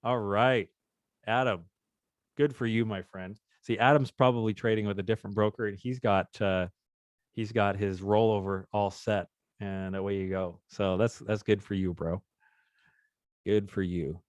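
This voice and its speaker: A man's voice: lowish voice, steady tone, normal speed, no room sound. A man hosting a live trading session, talking through charts in a chatty, upbeat way and joking with the group. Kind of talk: casual live trading demonstration.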